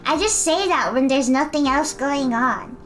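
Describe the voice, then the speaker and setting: Giggly high-voiced young woman streamer. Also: unhurried, fairly bright tone, faint music behind. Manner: giggly, chatty, fills silence with talk. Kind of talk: casual stream chat.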